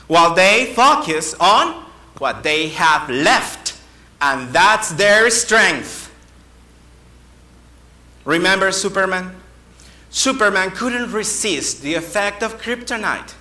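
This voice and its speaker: A man delivers a contest speech at a slow, measured pace, with dramatic pauses. His voice is bright and forceful, and it echoes through a roomy hall. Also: high voice. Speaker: contest speaker.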